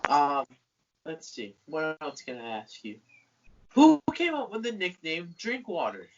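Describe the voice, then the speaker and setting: A male host asks questions in an easygoing, chatty way, with a hesitant "um" here and there. His voice is a little higher than most men's. The recording sounds somewhat dull and lo-fi. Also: huge pitch swings, unhurried. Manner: chatty, with some hesitant fillers. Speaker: interviewer and host. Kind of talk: casual interview.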